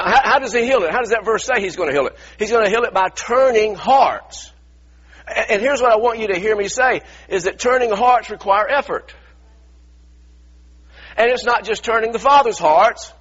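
Husky high-voiced male preacher, muffled recording. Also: fairly bright tone. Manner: earnest, repetitive preaching with stammered restarts and rhetorical questions. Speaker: pastor. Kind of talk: sermon. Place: church.

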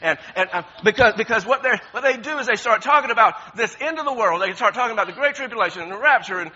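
A man preaching with a high, bright, husky voice, building from low, quiet asides to loud, repeated calls. The recording is dull and lo-fi. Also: lively intonation, fast talker, hardly any pauses. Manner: swings from quiet talk to shouting, repeats words. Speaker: pastor. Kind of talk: sermon.

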